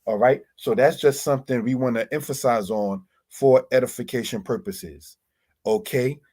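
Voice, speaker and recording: A man teaching Hebrew words from slides, slowly spelling out terms and often calling his listeners brothers and sisters. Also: medium pitch, a little mellow. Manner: slow, deliberate spelling-out of words.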